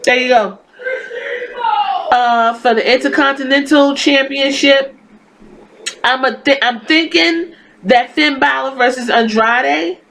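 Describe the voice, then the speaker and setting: A woman's voice: fairly high pitch, a bit bright, a little hiss or hum, poor audio. A woman hosting a podcast, giving a casual wrestling review in a blunt, profane, exasperated and sarcastic rant. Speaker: podcast host.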